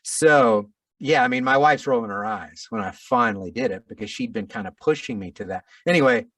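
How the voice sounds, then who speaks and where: Animated storytelling man, a bit off-mic. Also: mid-range voice, a little fast, dry recording, far from the mic. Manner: animated, self-deprecating, restarts and stammers. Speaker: audiobook narrator, guest. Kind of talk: casual storytelling interview.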